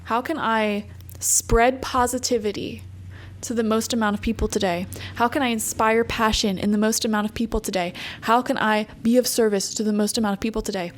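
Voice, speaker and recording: A young woman giving a casual pick-a-card tarot reading, chatty and animated, laughing often. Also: fairly high pitch, brisk. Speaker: tarot reader.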